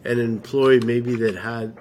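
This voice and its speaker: A man co-hosting a casual podcast, joking and animated, sometimes shouting for a gag. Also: mid-range voice, takes it slowly, slight background noise. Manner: animated, jokey, shouts mock all-caps readings. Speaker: podcast co-host. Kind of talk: casual chat.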